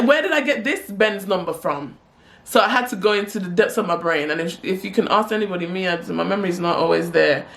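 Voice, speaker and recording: Animated young woman. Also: on the low side. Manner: animated, slangy storytelling. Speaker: vlogger. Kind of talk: storytime vlog.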